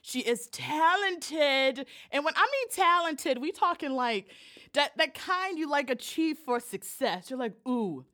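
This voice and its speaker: A woman's voice: high-pitched, expressive, a little slow, pushed and bright. A woman hosting a podcast over a video call, talking in a bubbly, playful, hyping way. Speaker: podcast host. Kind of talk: casual chat.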